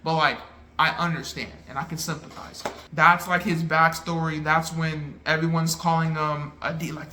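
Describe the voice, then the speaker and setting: An excitable man chats through an anime movie review in loose, slangy talk. His bright voice sits slightly high for a man, and he speaks with lively energy. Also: moderate pace, slight background noise. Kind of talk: casual chat.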